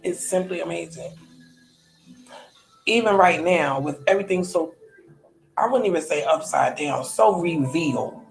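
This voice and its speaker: A woman's voice: fairly low pitch, animated, unhurried, gravelly, pauses often, echoey room, soft background music, poor audio. A woman in her thirties, a podcast host, talking candidly in a personal monologue, colloquial, often trailing off and restarting. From United States.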